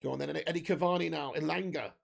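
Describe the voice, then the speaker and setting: A young man hosts a live football watch-along, calling the action while reading and answering his viewers' messages. His voice sits high and carries a gravelly, creaky edge. He swears casually and jumps into loud, excited calls on near misses and saves. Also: fast. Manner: banter with chat, swearing, excited bursts on chances.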